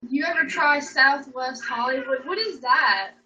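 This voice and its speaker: A woman's voice: sits high, measured pace, pushed and bright. A young woman chatting casually on a livestream, rambling, joking and swearing freely. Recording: echoey room, distant mic, dull sound.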